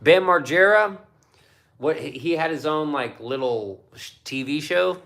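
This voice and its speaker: A man's voice: on the high side, a little slow, vocal fry. A man hosting a casual livestream, reading viewer chat and ranting with lots of swearing. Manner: profane, animated ranting. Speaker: livestream host.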